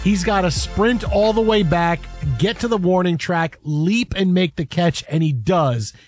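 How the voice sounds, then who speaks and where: A man hosting a casual sports chat, animated and rambling with restarts. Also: high voice, measured pace, faint music behind. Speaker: sports podcast host.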